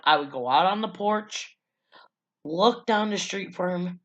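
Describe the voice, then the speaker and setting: A woman's voice: lowish voice, moderate pace, dull audio. A woman vlogger telling her life story in a loose, casual way, blunt and profane, with lots of fillers.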